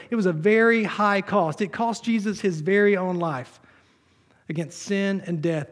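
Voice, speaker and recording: A man preaching a sermon in a church. He reads scripture aloud and mixes in casual, joking asides. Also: sits high. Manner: conversational preaching with humor, reading scripture aloud. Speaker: pastor.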